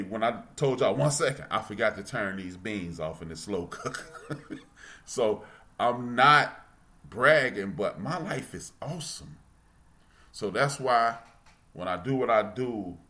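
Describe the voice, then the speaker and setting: A man, hosting a podcast and talking in a casual, preachy monologue that jumps around and repeats itself, while his back hurts. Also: lowish voice. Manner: animated, preachy, repeats himself. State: back pain. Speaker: podcast host.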